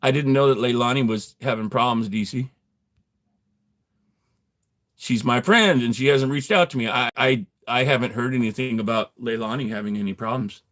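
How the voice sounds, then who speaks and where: A man's voice: mid-range voice, moderate pace, a bit bright. A man livestreaming from his garage, chatting casually with viewers in a rambling, profane way, laughing often and answering chat. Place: home garage.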